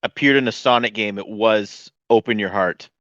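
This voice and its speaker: A man's voice: lowish voice, moderate pace, fairly bright tone, no room sound. Male co-host, eager casual chatter, dull lo-fi dry mic. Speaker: podcast co-host. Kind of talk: casual chat.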